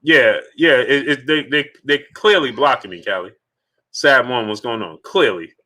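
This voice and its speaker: A man's voice: mid-range voice, moderate pace, pushed and bright. A man hosting a live sports stream in a casual, emphatic way, repeating his points and greeting viewers in the chat one by one.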